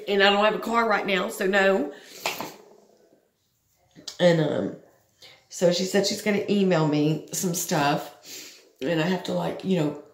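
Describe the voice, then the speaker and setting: Frustrated woman venting, gravelly voice. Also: on the low side, echoey room. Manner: frustrated, rambling, swears. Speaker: vlogger. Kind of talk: venting personal vlog.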